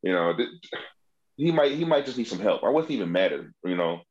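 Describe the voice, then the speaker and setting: A comedian spins rowdy, profane tales in casual podcast chat, slipping into the voices of the people in his stories. His voice sits fairly low. The recording sounds dull and a little lo-fi. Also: fairly quick. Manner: animated, profane, acts out quoted voices. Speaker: comedian guest.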